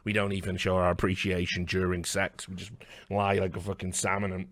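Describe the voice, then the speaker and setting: A man's voice: low-pitched, monotone, a little fast, fairly bright tone, no room sound. A man with a British accent delivering a profane, sardonic commentary monologue.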